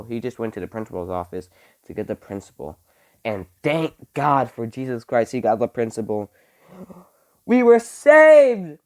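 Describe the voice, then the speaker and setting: A young vlogger tells a story to his camera in a loose, casual style. His pitch rises and falls a lot, and he's animated, swearing freely and packing his sentences with "like."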